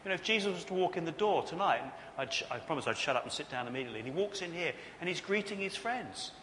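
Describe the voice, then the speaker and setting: A man's voice: on the high side, animated, quick pace, sharp tone. A man preaching a sermon. He tells stories with animation and acts out other people's voices. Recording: echoey hall with faint noise.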